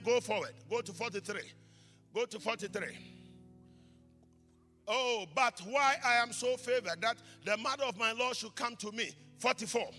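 A male pastor preaching a sermon, moving between calm teaching and shouted blessings, switching between English and Twi. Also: extremely high pitch, normal speed, in a large hall, faint music behind. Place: church.

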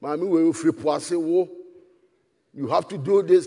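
A man with a Ghanaian accent preaches a sermon, moving between English and Twi and shouting to drive points home. His voice sits a little high and he speaks at a normal pace. The hall around him has a long reverb.

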